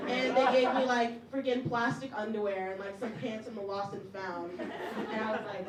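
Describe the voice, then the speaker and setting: Young woman doing stand-up, high voice, echoey room. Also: normal speed, over a noisy crowd. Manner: chatty and self-mocking, with frequent likes and laughs. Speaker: stand-up comedian. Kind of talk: stand-up comedy set. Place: comedy club stage with audience. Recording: echoey room, mic heard from a distance, audience noise.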